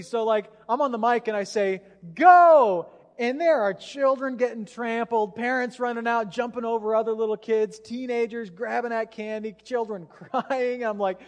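A man with a high, light voice preaches to his congregation, spinning an animated story and slipping into the voices of the people in it. His words ring out with a long reverb through a large church sanctuary, picked up by a stage microphone. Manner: animated storytelling with acted-out quotes. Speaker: pastor. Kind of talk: sermon.

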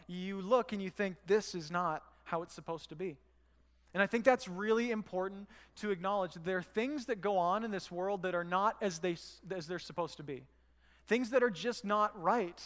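The church hall's long reverb carries the high, fairly bright voice of a pastor delivering a sermon at normal speed. He keeps it conversational, asking his congregation rhetorical questions.

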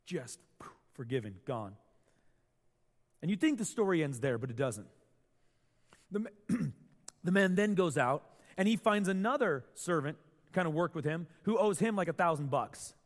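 Animated male pastor in an echoey hall. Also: fairly high pitch, normal speed, long pauses. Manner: animated storytelling, acts out quotes. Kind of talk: sermon.

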